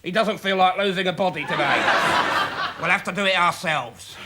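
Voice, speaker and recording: A man's voice: sits high, normal speed, close to an everyday voice. An actor playing a seedy, unflappable middle-aged male showbiz agent in a sitcom, with a drawling, camp manner. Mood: businesslike. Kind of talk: sitcom acting. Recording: studio audience laughter, background hiss.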